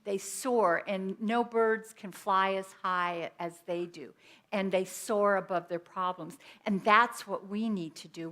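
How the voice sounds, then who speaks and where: Bright-voiced woman giving a sermon. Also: medium pitch. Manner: conversational, telling personal stories. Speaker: speaker at a Sunday church service. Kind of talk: inspirational sermon. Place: church sanctuary.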